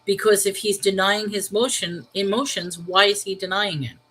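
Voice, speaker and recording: A woman's voice: medium pitch, fairly even intonation, moderate pace, husky, low-quality recording. Woman, New York accent, livestream host; casual and conversational, reacting to viewer comments as she goes. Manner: talks things through out loud, reacting to viewer comments. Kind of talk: casual live-chat reply.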